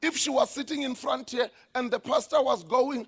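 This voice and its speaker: A man preaching a sermon as a pastor in a church, emphatic, with sudden shouted lines. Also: very high-pitched, normal speed, few pauses, husky.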